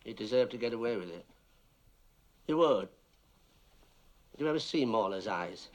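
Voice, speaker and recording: An actor playing a bitter, resentful widower being questioned, grim and brooding, in a film drama. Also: male voice, on the low side, lively intonation, normal speed, close to an everyday voice.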